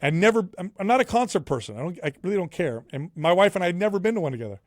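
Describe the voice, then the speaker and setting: A man as a podcast guest, telling stories in casual chat, excited and animated. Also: sits high, racing, no echo, studio quality. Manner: excited, animated storytelling, says "bro".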